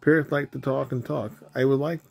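A chatty, friendly parrot from a children's storybook, read by a man. He sounds apologetic and eager to talk, with a gravelly, husky edge to the voice. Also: mid-range voice, steady tone, fairly quick, darkish tone.

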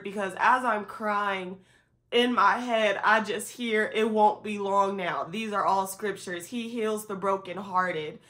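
A young woman with a bright, clear tone talks into her camera in a candid personal vlog. She sounds tired and close to tears. She addresses her viewers directly and speaks with open feeling. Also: mid-range voice. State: tearful and tired. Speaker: vlogger. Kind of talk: emotional personal vlog talk.

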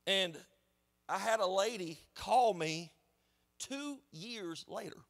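Animated high-voiced pastor preaching. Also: male voice, slow pace, creaky. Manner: animated, conversational preaching with storytelling. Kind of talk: sermon. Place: church sanctuary.

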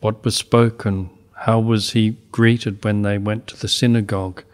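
An older Australian man, a bishop, giving a slow, reflective homily with pauses. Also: fairly low pitch, level tone.

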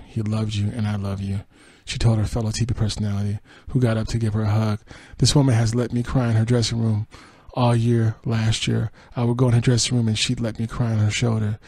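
A podcast host with a dark, gravelly voice reads entertainment headlines and quotes aloud. He drops dry, sarcastic comments between the stories. The sound is close and dry, with no room around it. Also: fairly low pitch, no room sound. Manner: reads quotes then adds dry sarcastic asides and laughs. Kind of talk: reading entertainment news with asides.

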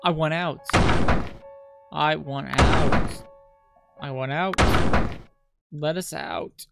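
A creature from the basement mimics a parent and wheedles someone into opening a door, as a streamer reads its lines. The voice has a rough, creaky grain. Loud piano music plays underneath. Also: medium pitch, takes it slowly. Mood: pleading. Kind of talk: reading game dialogue aloud.

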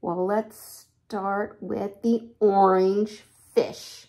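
A woman reading a children's picture book aloud, talking to young listeners in a slow, animated way. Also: medium pitch. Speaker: storybook reader.

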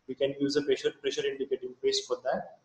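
A man with an Indian English accent giving a dental lecture, halting with fillers and restarts. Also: mid-range voice, level tone, echoey room, low-quality recording. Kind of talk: recorded lecture.

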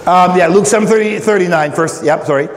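A man's voice: sits high, a little fast. A male pastor leading a conversational Bible study, joking with and teasing members of his congregation by name. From Australia. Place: church hall. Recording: echoey church hall.

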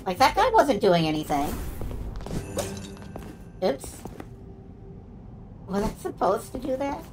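A woman's voice: a little high, very animated, brisk, noisy background. A woman streaming a video game, chatting in amused asides as she plays. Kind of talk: let's play commentary.

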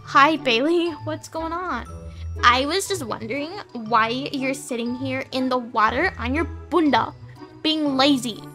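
A woman's voice: high voice, measured pace, bright, forceful tone. A woman voicing a bratty, boastful mean popular girl who insults others. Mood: sneering. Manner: snooty, sneering, insulting. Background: faint music.

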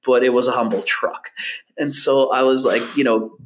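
A man's voice: medium pitch, level tone, normal speed. A young man from Canada telling his story as a podcast guest in a loose, casual way, full of filler words.

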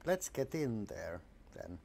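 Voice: mid-range voice, big pitch swings, slow, creaky, a little mellow, a little hiss or hum. A streamer giving casual commentary while playing a game, musing aloud with hesitations.

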